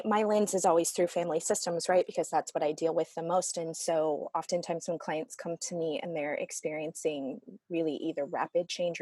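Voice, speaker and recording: A woman's voice: fairly low pitch, warm tone, husky, no echo. A woman working as a family constellation therapist, talking earnestly and animatedly in an interview, with frequent restarts. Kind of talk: conversational interview.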